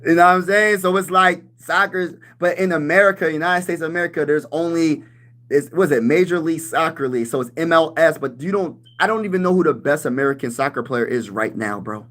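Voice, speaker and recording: A man in his thirties hosting a casual sports livestream, talking loose and slangy, calling everyone "bro" and breaking into shouts when he gets riled up. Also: on the high side, a little fast. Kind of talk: casual livestream chat reading comments.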